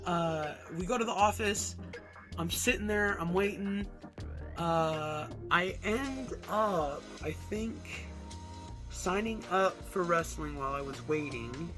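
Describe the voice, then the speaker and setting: A young man from Alaska, casually telling a storytime, animated and swearing, acting out punches with sound effects. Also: high voice, slow, music in the background. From Alaska, USA. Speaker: vlogger.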